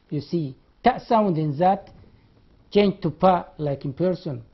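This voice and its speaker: An unhurried, husky, mid-range voice belongs to a university lecturer from Sudan giving a classroom lecture. He spells words out letter by letter, repeats key terms, and demonstrates sounds, all in a dull lo-fi recording.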